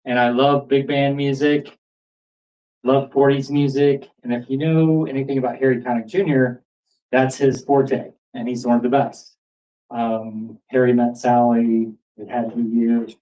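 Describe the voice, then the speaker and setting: A man telling a true story at a live storytelling event in a pub, animated and building excitement. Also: medium pitch, measured pace, distant mic, dull audio. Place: pub stage before an audience.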